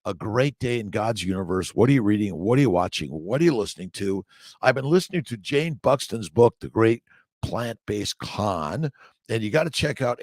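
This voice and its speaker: A man hosting a casual morning livestream, greeting viewers by name and reading their names aloud haltingly as he rambles in an upbeat way. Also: lowish voice, a little mellow, no echo, clean studio sound.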